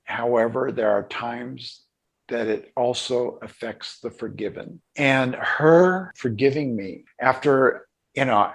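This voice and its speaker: An older man, a guest in an interview, telling a personal story in a halting, emotional way with many restarts. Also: mid-range voice, vocal fry. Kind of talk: reflective storytelling.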